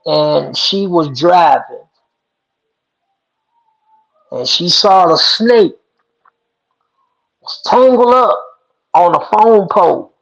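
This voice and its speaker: A high-voiced man talks slowly and with emphasis as he hosts an online talk show, telling a folk story and drawing a moral from it. His delivery is folksy and preachy. The recording is dull and lo-fi. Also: gravelly. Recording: dull lo-fi sound.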